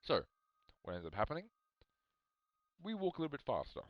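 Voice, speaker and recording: A man's voice: on the high side, a little fast, dry recording, lo-fi sound. A young man rambling through a story on a live stream, talking back to his chat. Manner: rambling, animated, talks to chat.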